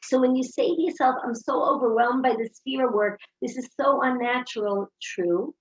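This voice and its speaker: A woman's voice: high-pitched, moderate pace. A woman giving an inspirational talk, telling personal stories and acting out the dialogue in them. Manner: animated storyteller acting out dialogue. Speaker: speaker giving a Torah talk. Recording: dull lo-fi recording.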